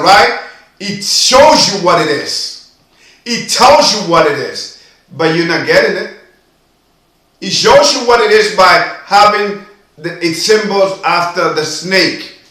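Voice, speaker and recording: A man delivers an impassioned monologue in a high, bright voice, lingering on each phrase. His delivery is preachy and emphatic, full of repetition. The sound bounces around a very echoey room. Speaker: video commentator.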